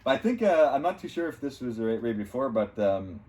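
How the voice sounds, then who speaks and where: A man's voice: medium pitch, sing-song, a little fast, a little mellow. Laughing man retelling a movie. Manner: laughs often, retells scenes with quoted lines. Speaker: movie reviewer. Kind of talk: casual chat.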